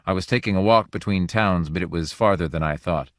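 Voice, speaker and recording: A guarded stranger in an audiobook who speaks carefully and hesitantly, as a male reader voices him. The voice is deep and close, with a dry sound. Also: brisk, no room sound, natural voice.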